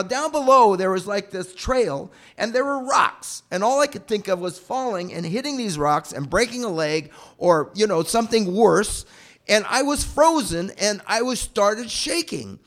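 Lively man telling a personal story. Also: sits high. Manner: animated, breathless retelling. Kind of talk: personal anecdote told aloud.

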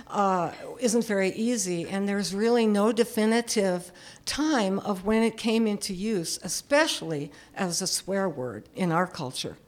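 A woman in her seventies telling a personal story in a candid, self-deprecating way, often chuckling. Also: medium pitch. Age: 70s.

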